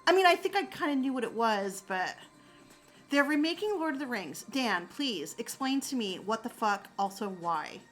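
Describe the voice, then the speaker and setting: A woman in a casual live-stream chat, talking straight to her viewers in an animated way and swearing freely. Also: on the high side, moderate pace, soft background music.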